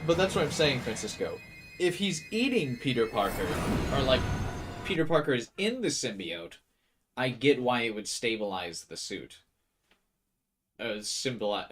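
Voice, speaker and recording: A man giving casual, sarcastic commentary while playing a video game, asking questions and poking fun at the story. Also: medium pitch. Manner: chatty, quizzical, sarcastic. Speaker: gameplay commentator. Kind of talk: casual let's-play commentary. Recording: voice over loud game music.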